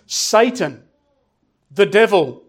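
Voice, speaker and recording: This middle-aged preacher has a fairly high, animated voice and hammers his main words through repetition. He is emphatic throughout, easing into a slow, heavy rhythm each time he reads scripture.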